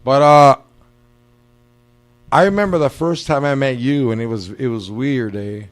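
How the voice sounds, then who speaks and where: A man's voice: medium pitch, a little slow. A man hosting a podcast in a studio, telling stories in casual, profane slang and acting out the voices he quotes. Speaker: podcast host. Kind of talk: casual chat.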